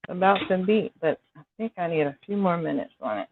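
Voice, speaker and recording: A woman chatting with her viewers by name while she cooks in her home kitchen on a live stream, apologizing now and then as she clears a scratchy throat. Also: on the low side, expressive, fairly quick. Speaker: home cook hosting a live cooking stream. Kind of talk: casual live-stream chat while cooking. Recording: dry, tinny phone-like sound.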